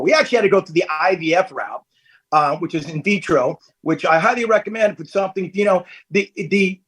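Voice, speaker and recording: High-voiced husky man telling stories. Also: fairly bright tone, low-quality recording. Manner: candid, storytelling, laughs easily. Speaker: podcast guest, singer. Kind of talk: casual interview chat. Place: at home, family nearby.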